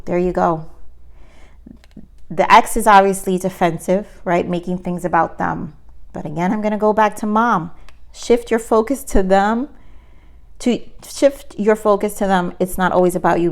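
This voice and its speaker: A woman giving an earnest, emphatic tarot reading to viewers, often repeating herself. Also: lowish voice. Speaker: tarot reader.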